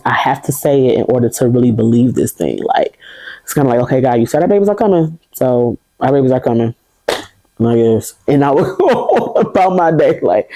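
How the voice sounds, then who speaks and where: Lively woman telling her testimony. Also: very deep voice, dry recording, poor audio. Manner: animated, laughing, acts out quoted voices. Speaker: podcast guest sharing testimony. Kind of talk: casual storytelling testimony.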